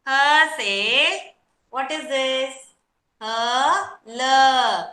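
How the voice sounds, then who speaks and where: Slow, bright-voiced woman teacher. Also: high voice, reverberant. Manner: slow, syllable-by-syllable drilling, praising children. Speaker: kindergarten teacher. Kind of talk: online class teaching Hindi letters.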